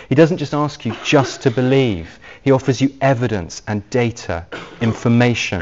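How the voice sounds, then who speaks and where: A man preaching an evangelistic sermon, speaking earnestly and gently as he leads into a quiet prayer. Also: lowish voice. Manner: earnest and gentle, softly paced appeals. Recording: dull lo-fi recording.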